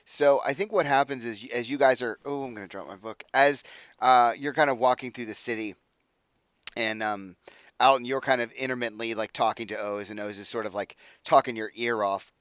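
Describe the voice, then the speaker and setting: A man running a tabletop game, talking in a loose, rambling way full of fillers. He has a medium pitch and a dry, close sound. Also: fairly quick, clean tone, dry recording. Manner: relaxed, rambling, many "like"s. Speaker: game master.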